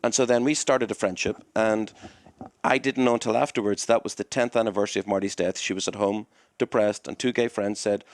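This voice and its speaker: Male club owner as podcast guest: low voice, rambling storyteller who acts out the dialogue, dry close mic. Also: steady tone, brisk, no echo. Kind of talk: conversational storytelling.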